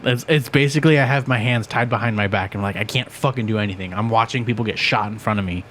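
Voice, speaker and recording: A man with a lowish voice speaks frankly in a laid-back podcast conversation and curses now and then. A faint hum of background noise sits behind him. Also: quick pace, fairly bright tone. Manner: frank, profane venting about work. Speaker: podcast co-host. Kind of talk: casual chat.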